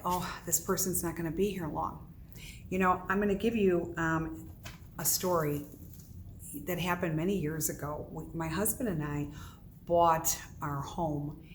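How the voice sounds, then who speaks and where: A woman's voice: fairly low pitch, slight background noise. A middle-aged woman, a psychic medium, talking casually to the camera in an earnest storytelling manner, asking questions and answering them herself.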